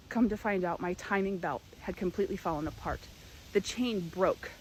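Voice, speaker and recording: A young woman earnestly telling a personal story, with emphatic, dramatic pauses. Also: lowish voice, slight background noise, rough recording. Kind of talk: personal story told to camera.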